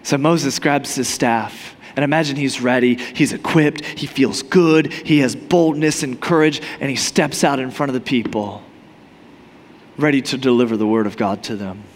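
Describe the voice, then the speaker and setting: A male pastor preaching a sermon in an animated, storytelling manner. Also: mid-range voice, normal speed. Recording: long hall reverb.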